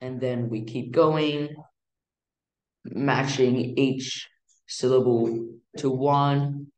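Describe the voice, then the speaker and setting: A man teaching music theory in a casual, halting way, with many fillers and restarts. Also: medium pitch, fairly even intonation, darkish tone, reverberant, rough recording. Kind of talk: casual explanatory lesson.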